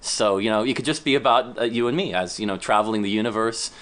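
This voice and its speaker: A man's voice: lowish voice, fast talker, a bit bright, slight background noise. A man co-hosting a podcast in casual chat, trading dry jokes with his partner. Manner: dry, joking banter. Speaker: podcast co-host.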